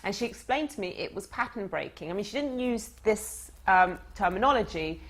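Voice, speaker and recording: A woman teaching as a dating coach, her voice at a middle pitch. She tells anecdotes in a lively, chatty way and speaks straight to her listeners. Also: a little fast. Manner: animated anecdotal storyteller, conversational. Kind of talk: storytelling lesson.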